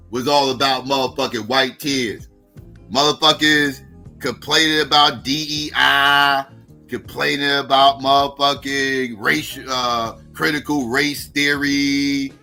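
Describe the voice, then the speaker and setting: A man hosting a livestream, ranting in a loud, mocking, heavily profane way. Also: mid-range voice, steady tone, takes it slowly, soft background music. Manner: heavy cursing, mocking, loud bursts. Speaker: livestream host. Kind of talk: profane political rant.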